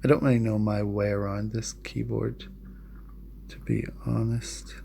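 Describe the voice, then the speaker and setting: Gravelly-voiced man in a relaxed how-to vlog. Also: fairly low pitch, a little slow, a little hiss or hum. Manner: relaxed, rambling, self-deprecating; hesitant when sounding out words. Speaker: language learner vlogger. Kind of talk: casual screen-share tutorial. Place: at a home computer.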